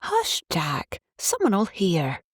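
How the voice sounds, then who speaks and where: A woman's voice: mid-range voice, huge pitch swings, slow, husky, no room sound, clean studio sound, pitched above the performer's own voice, full character voice. A woman voicing a cheerful, affectionate young Cornish wife in an audiobook, speaking in a lilting dialect. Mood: playful.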